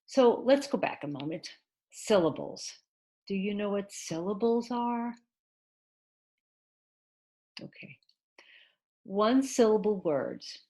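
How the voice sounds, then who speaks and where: Slow, patient woman teaching a class. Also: mid-range voice, animated, mellow. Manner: slow, patient explaining with many fillers and pauses; mixes in Mandarin glosses for the class. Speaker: ESL teacher. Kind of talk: online class lecture.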